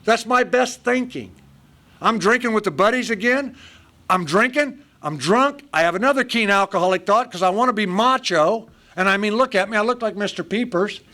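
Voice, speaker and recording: High bright-voiced man telling his story. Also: moderate pace. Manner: self-mocking, blunt, punchy short sentences. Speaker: recovery meeting speaker. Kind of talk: humorous personal storytelling. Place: live meeting room before an audience.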